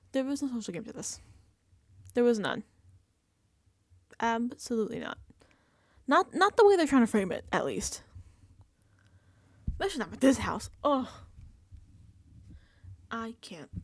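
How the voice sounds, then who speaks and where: Sarcastic, exasperated woman vlogger. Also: on the high side. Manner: sarcastic, exasperated, swears freely. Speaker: reality TV recap vlogger. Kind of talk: casual recap and reaction.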